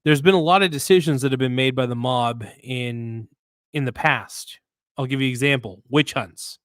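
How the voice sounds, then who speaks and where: A man hosting a casual livestream in a dry, close-sounding room, his pitch sitting right in the middle for a man. He talks bluntly and loosely, with slang and swearing. He reads viewer comments aloud and rambles, restarting sentences as he goes. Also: moderate pace, no echo. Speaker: livestream host.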